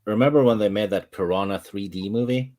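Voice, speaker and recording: A man co-hosting a casual chat, with a very deep, low voice. He talks hesitantly, filling pauses with "uh" and repeating words as he goes. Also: darkish tone.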